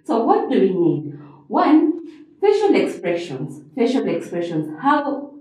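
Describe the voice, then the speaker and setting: A woman teaches a revision lesson, going over each point several times and checking in with a rising "okay?". Her tone is mellow and relaxed. She sounds distant, in a very echoey room. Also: on the high side, takes it slowly. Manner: repeats key phrases, frequent rising "okay?" checks. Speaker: English teacher.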